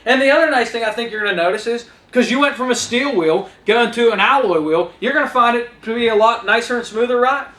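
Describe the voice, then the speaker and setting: High, bright-voiced male sales trainer. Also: fast, hardly any pauses, roomy sound. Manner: energetic, talks straight to trainees, role-plays customer lines. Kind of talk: instructional talk with acted-out dialogue.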